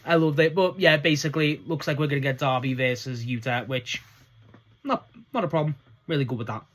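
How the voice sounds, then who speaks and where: A man with a slightly raised voice talks through a wrestling recap in a loose, rambling way, full of enthusiasm and casual swearing. The delivery is unscripted, with restarts and quick asides. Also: a little high, a bit bright. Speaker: wrestling show reviewer.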